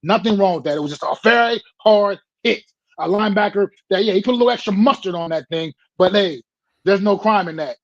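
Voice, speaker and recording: A man co-hosting a sports talk show, ranting bluntly and profanely in a deliberate, emphatic way. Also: sits high. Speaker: co-host. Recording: dull lo-fi mic.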